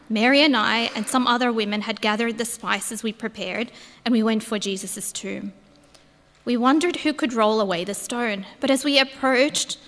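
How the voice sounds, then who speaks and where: A woman's voice: fairly high pitch, fairly bright tone, close to an everyday voice. A woman acting as Mary Magdalene, reading a heartfelt first-person account in a church. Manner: earnest, heartfelt storytelling. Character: Mary Magdalene, grieving then overjoyed woman disciple. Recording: echoey church hall.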